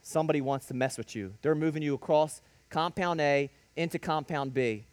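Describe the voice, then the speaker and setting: A man voicing a gruff male prison guard who gives blunt orders in a low, matter-of-fact way. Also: normal speed, darkish tone, dry recording, close to an everyday voice.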